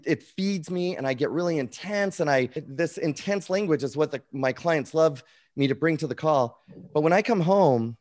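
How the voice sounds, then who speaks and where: This is a man speaking on a group video call in an energetic, storytelling way. He is a coach, and he pokes fun at himself as he goes. His voice sits at an ordinary middle pitch. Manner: energetic storyteller, animated and self-mocking. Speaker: executive coach. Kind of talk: casual chat on a group call.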